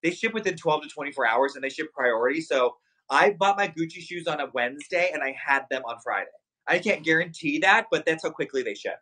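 A man hosting a live shopping stream, excitedly hyping luxury items and talking straight to his viewers. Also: on the high side, a little fast, breathy edge, low-quality recording. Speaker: livestream shopping host. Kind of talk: live sales stream chat.

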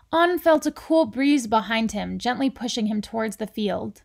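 A woman reading a children's picture book aloud in a gentle, deliberate storytelling manner. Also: a little high, lively intonation, creaky. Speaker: reader.

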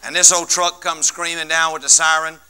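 A man's voice: on the high side, little pitch movement, brisk, pushed and bright, clean tone, low-quality recording. A man with a Texan accent telling stand-up jokes in a folksy manner. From West Texas. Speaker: comedian.

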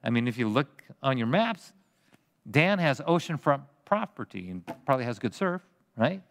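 A male pastor preaches in a lively, conversational way, trading jokes and questions with his listeners. His pitch climbs and dips freely as he talks. A long reverb hangs over his voice in the church. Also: normal speed, a little hiss or hum. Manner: animated, conversational, joking with the congregation. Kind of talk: expository sermon. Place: church sanctuary.

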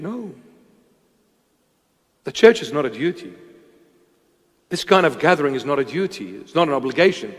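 A man's voice: a little high, a bit bright. A man preaching a sermon with impassioned, emphatic delivery, sometimes acting out voices. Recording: long hall reverb.

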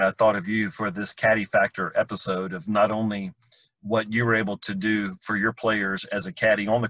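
A man hosting an interview, asking questions and wrapping up in a measured, encouraging way. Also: on the low side, a bit bright, rough recording. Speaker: podcast host. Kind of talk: casual interview.

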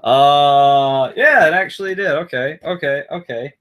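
A man's voice: fairly high pitch, unhurried, fairly bright tone. A man chatting casually on a live stream, rambling and answering viewer comments aloud as he goes.

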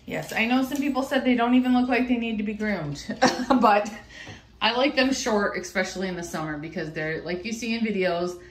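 A chatty middle-aged woman talks into a handheld phone as she grooms her dog at home, her voice sitting at an ordinary middle pitch. She now and then turns to a sing-song voice for the pets. A faint hiss of noise runs under the home recording. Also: fairly quick. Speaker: pet vlogger. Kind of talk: casual chat while grooming a dog. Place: home grooming area indoors. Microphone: handheld phone camera.

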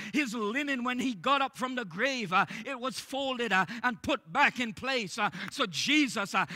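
Very high-voiced male preacher. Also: bright, forceful tone. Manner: earnest preaching, frequent "uh" between phrases. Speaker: pastor. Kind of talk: church sermon. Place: church sanctuary during service.

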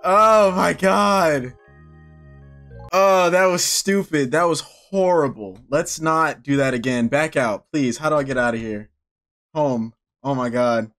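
A man's voice: a little high, takes it slowly, a bit bright, faint music behind. A young man giving casual, sarcastic gameplay commentary, laughing and swearing as he plays. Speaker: gaming video creator.

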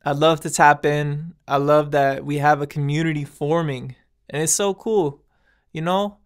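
A man's voice: a little high, fairly even intonation, a little slow, clear, resonant tone. Earnest man musing on his podcast. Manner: earnest, laughs often, slangy asides to listeners. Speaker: podcast host. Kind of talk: casual spiritual monologue.

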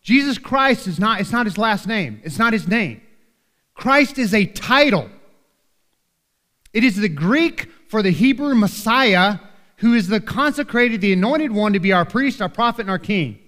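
A man's voice: high voice, lively intonation, measured pace, a bit bright, big-room sound. A man preaching a sermon as pastor in a church, talking earnestly and conversationally and often checking in with "right?". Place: church sanctuary.

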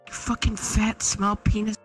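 A woman with a hoarse, strained voice, cursing and mock-angry in casual chat. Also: mid-range voice, little pitch movement, moderate pace, soft background music. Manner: foul-mouthed, mock-angry. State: hoarse, lost voice.

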